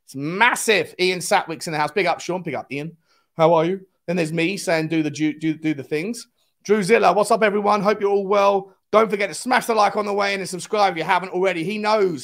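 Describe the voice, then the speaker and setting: A man, hosting a casual live fan stream, chatting and greeting viewers by name as he reads the chat aloud. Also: fairly high pitch.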